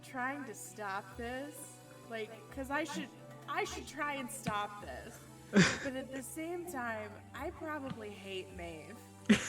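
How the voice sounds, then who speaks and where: Woman player, slow and drawn out, somewhat high voice, music clearly in the background. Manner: drawn-out, amused, swearing. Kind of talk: tabletop game chat.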